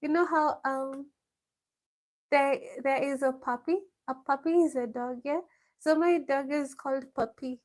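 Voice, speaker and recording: Woman vlogger, unhurried casual live-stream Q&A, reads each question aloud and answers it. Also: high voice, fairly even intonation. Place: village home.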